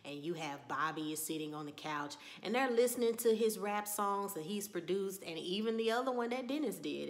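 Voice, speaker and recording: A woman's voice: mid-range voice, expressive, normal speed, hardly any pauses. Chatty woman recapping TV. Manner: chatty storytelling, often slipping into quoted dialogue. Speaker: TV episode reviewer. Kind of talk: casual recap of a TV episode.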